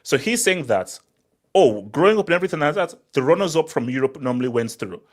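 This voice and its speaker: A man hosting a casual football chat show, animated and teasing, often repeating words as he cuts in. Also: on the high side, quick pace.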